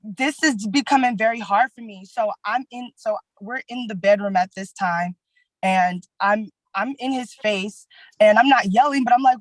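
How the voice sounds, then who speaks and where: A woman giving testimony at a court hearing, retelling events in a halting way with many fillers. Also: medium pitch, dry recording, poor audio.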